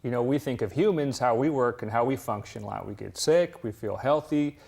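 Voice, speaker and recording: A man with a gravelly edge to his voice, answering interview questions as a university fish physiologist. He explains technical ideas in plain terms, at a measured pace with frequent fillers. His pitch sits in an ordinary middle range. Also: a little mellow.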